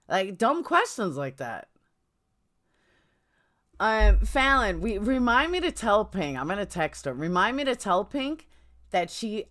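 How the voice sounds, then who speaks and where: A woman's voice: lowish voice, a bit bright. A middle-aged woman with a New York accent hosting a casual livestream chat from home, blunt and chatty, jumping between topics. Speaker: livestream host. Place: home, indoors.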